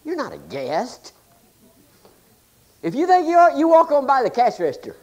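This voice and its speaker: Pastor, male, folksy and joking, voice leaps up and drops to near-hush, very animated pitch. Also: normal speed, dull audio. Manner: folksy, joking, swings between loud and hushed. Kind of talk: humorous sermon.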